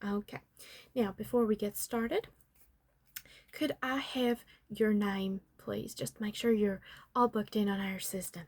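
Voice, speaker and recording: A woman's voice: mid-range voice, fairly even intonation, unhurried. A woman in a whispered role-play as a chatty salon makeup artist, putting on a Southern US accent and calling the listener honey and darling. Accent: put-on Southern US. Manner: drifts between whisper and soft voice. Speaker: ASMR artist as makeup and magic salon worker.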